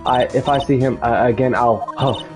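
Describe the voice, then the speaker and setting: A man's voice: medium pitch, steady tone, normal speed, lightly acted. Man putting on a wheezing cranky old woman. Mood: huffing, grumpy. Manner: wheezes "huff, puff" between words. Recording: game music behind.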